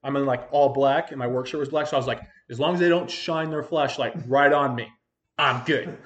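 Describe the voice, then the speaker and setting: A man's voice: mid-range voice, fairly even intonation, brisk, fairly bright tone, dull audio. Young male podcast host, mid-range voice, loose profane storyteller. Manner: rambling, profane, full of "like". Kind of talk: casual storytelling chat.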